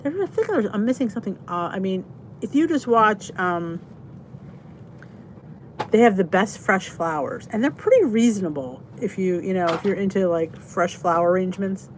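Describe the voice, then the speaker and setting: A woman's voice: medium pitch, animated, normal speed, a little hiss or hum. A woman hosting a casual live-stream chat, rambling from one thought to the next and often stopping to say good night to her viewers.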